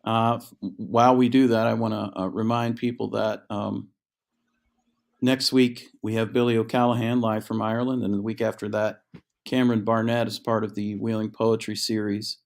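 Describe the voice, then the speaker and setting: A man's voice: fairly low pitch, little pitch movement, moderate pace, gravelly. A man hosting a livestream book event, speaking in an easygoing, hesitant way with many fillers over a video call. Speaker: host. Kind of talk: moderating a livestream Q&A.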